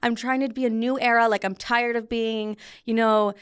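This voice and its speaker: A woman's voice: on the high side, little pitch movement, normal speed, smooth. A young woman in her twenties hosting a podcast from a studio, telling a story in a candid, profane, self-mocking way. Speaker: podcast host. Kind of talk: casual storytelling chat. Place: recording studio.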